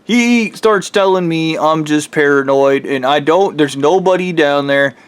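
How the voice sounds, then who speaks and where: A man's voice: a little high, a little slow, clear, resonant tone. A man telling a true spooky story in a casual, rambling way, swearing and correcting himself as he goes.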